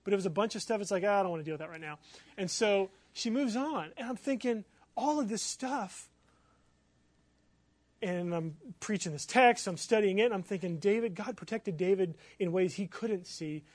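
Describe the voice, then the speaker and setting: A man preaching as a pastor, telling a personal story in an animated, excitable way with many fillers. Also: high-pitched, normal speed, dry recording. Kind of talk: sermon storytelling.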